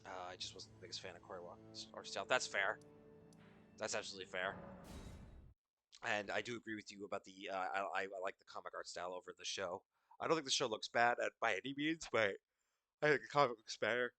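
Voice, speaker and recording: A man's voice: fairly low pitch, fairly even intonation, quick pace, bright, forceful tone. A man streaming a video game, chatting loosely and swearing, tired and yawning. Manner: loose, profane, rambling. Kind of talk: casual gaming stream chat.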